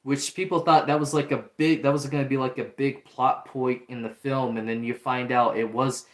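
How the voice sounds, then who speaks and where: A man talks through a show review in a loose, chatty way, full of fillers and restarts. His pitch sits in the middle. The room around him gives a noticeable echo. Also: level tone, moderate pace. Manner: chatty, many fillers and restarts, acts out quotes. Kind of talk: casual review talk. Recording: roomy echo.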